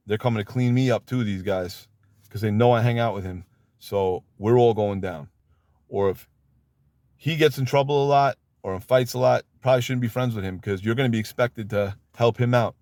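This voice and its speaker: A man's voice: fairly low pitch, a little mellow, dry recording. A man who served time giving blunt, emphatic advice about prison life in a casual monologue. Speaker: former inmate giving advice.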